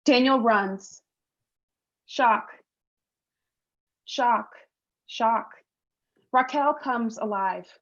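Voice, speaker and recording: A woman reading stage directions aloud in a play reading, tense and measured. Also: on the high side, dull audio.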